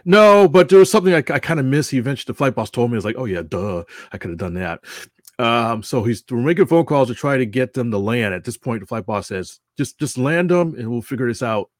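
A man tells a long story in a casual, rambling way, often restarting his sentences and chuckling at himself. His voice sits at an ordinary middle pitch, and the recording is dry and close, with no room sound around it. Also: expressive, quick pace, no echo. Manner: rambling, self-correcting, chuckling. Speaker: announcer at a model airplane show.

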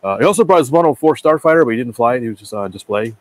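A man's voice: mid-range voice, lively intonation, racing, dry recording. A man hosting a casual chat, rambling with many fillers. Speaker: podcast host.

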